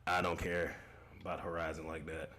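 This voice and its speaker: A man's voice: extremely low pitch, flat delivery, normal speed, pushed and bright. A young man hosting a casual gaming livestream, reading chat comments aloud, loose and profane, laughing often and repeating himself.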